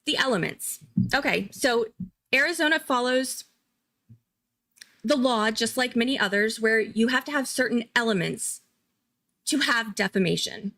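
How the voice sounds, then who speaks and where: A woman hosting a casual live-stream commentary, chatty and excitable, thinking aloud and laughing often. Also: a little high, normal speed, pauses often. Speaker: true-crime commentary host.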